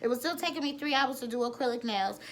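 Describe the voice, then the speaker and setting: A woman's voice: sits high, fast talker, fairly bright tone. Frank young New woman. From the Bronx, New York. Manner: blunt and frank, with frequent cursing and rambling restarts. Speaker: nail technician. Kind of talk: candid personal storytelling.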